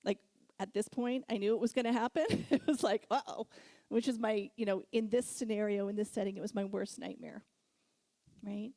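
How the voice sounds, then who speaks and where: A middle-aged woman giving a sermon, telling a personal story with frequent laughter and animated moments. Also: mid-range voice, creaky, no echo. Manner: storytelling, laughs often, animated when recounting. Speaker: guest speaker.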